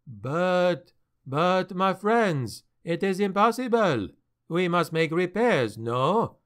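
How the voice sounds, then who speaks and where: A man voicing an excitable foreign male ship captain who pleads and protests in a fussy way, for an audiobook. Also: high-pitched, takes it slowly, pitched above the performer's own voice, heavily acted. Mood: protesting.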